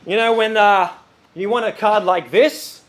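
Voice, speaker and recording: Animated, high-voiced male preacher. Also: unhurried. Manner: lively and chatty, with many fillers. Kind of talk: sermon.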